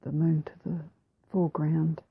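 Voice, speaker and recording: A woman with a New Zealand accent narrating her craft process over a time-lapse, soft-spoken and relaxed, often slipping into a whisper, a little self-deprecating. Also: low voice, moderate pace, creaky, husky, no room sound, phone-quality sound. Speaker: mixed media artist.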